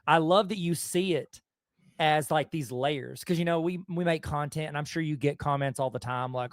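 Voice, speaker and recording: A man's voice: fairly high pitch, normal speed, no echo, studio quality. A man with a Southern US accent hosting a casual conversation, telling stories with enthusiasm. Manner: enthusiastic storytelling. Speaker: host.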